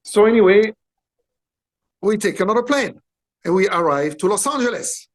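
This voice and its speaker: A man in his sixties from Belgium, speaking English with a French accent, animatedly telling a story in halting English and acting out what people said. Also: high voice, expressive. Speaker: interview guest, actor. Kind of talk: storytelling interview.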